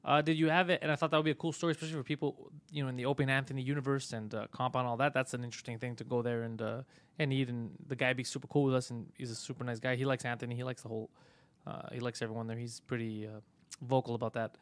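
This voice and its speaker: A man hosting a casual live-stream podcast, swearing freely and telling stories with animated energy. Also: medium pitch, racing, no room sound. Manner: profane, animated storytelling. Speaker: podcast host.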